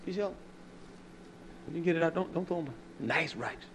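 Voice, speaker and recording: High-voiced emphatic male preacher. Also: animated, normal speed, fairly bright tone, slight background noise. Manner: emphatic, repeats key words. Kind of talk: sermon.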